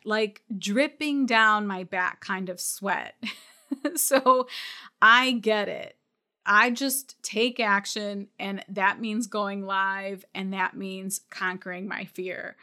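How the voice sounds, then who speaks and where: Woman business coach, bright and forceful tone, direct and encouraging, podcast-style talk. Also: medium pitch. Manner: direct, encouraging, calls listeners out.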